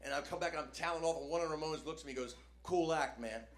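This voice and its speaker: A man's voice: fairly high pitch, fairly even intonation, rapid-fire, reverberant, very noisy. An older man from New Jersey telling stand-up stories on a comedy club stage, talking casually with lots of "man" and "you know", sometimes acting out announcers and crowds. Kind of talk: stand-up storytelling. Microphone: handheld stage mic. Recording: live club recording, faint crowd ambience.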